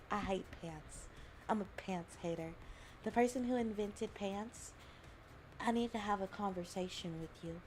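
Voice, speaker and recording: A woman chats casually with her livestream viewers, unhurried and drawn out. She teases and giggles, stumbling over restarts and repeated words. Faint background noise sits under her voice. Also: medium pitch, a little mellow. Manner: playful, teasing, giggly.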